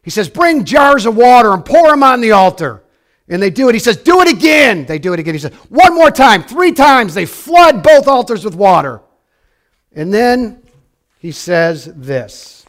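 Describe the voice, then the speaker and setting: A pastor preaching a sermon, shifting between quiet, reflective passages and loud, animated storytelling. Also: male voice, high-pitched, normal speed.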